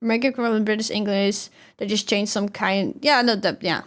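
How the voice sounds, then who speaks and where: A woman's voice: mid-range voice, fairly even intonation, fairly quick. A young woman with a Dutch accent, chatting casually on a livestream and reading out chat. She talks loosely, swears and laughs often. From Netherlands. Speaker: streamer.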